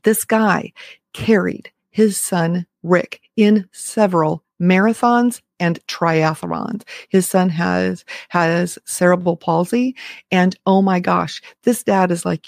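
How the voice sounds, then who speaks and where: Gravelly-voiced enthusiastic woman vlogger. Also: fairly low pitch, steady tone, takes it slowly, a little mellow, no echo, clean studio sound. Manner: enthusiastic, emphatic, conversational. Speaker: motivational vlogger. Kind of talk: motivational talk to camera.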